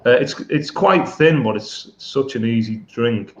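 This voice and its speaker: A male guest chatting casually on a live stream, relaxed and a little hesitant. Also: mid-range voice, measured pace. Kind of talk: casual chat. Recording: echoey, dull remote audio.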